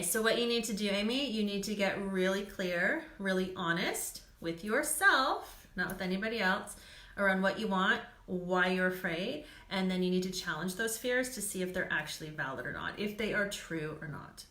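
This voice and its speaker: A woman's voice: mid-range voice, expressive, moderate pace, pushed and bright. A woman doing live card readings for viewers, chatty and reassuring, laughing often and filling gaps with "um". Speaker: psychic reader. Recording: echoey room.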